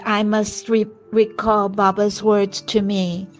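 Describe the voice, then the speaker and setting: An older woman telling a personal spiritual story in a gentle, earnest way. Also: medium pitch, little pitch movement, takes it slowly, faint music behind. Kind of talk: reflective personal testimony.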